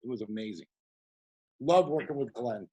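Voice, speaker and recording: A man who is a guest actor on a video call, telling an anecdote in a casual, animated way. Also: medium pitch, normal speed, slightly rough. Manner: animated storyteller, acts out quoted voices.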